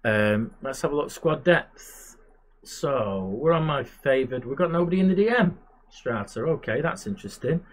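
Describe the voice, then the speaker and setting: A man's voice: medium pitch, animated, moderate pace. A man giving casual, chatty commentary while playing a management game, muttering asides to himself. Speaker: gamer and channel host.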